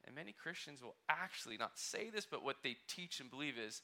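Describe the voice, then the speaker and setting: Guy pastor giving a sermon, super bright voice, talks like a chat, keeps asking the room stuff. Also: mid-range voice, quick pace, few pauses. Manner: conversational, animated, asks the congregation questions.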